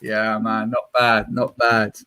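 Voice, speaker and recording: A man's voice: on the low side, monotone, slow pace, sharp tone, clear, resonant tone. A man with a British accent hosting a casual group livestream, chatty and self-mocking, laughing often. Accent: British English. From Britain. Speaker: stream host.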